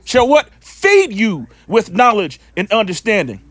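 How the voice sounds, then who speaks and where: A man's voice: high voice, wildly swooping pitch, measured pace, no echo. A man preaching informally and reading scripture aloud, scornful and repetitive, often stumbling over his words. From Western North Carolina.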